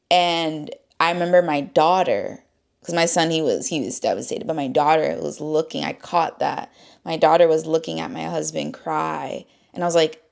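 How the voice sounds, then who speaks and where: A woman's voice: on the low side, vocal fry. A woman in her thirties talking candidly in a personal vlog, rambling and swearing casually, near tears at times. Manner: talks through grief, voice breaking near tears. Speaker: vlogger.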